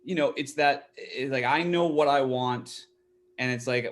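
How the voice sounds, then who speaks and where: A man hosting a podcast, chatting casually and thinking aloud with halting restarts. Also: mid-range voice. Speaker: podcast host. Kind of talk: casual conversation.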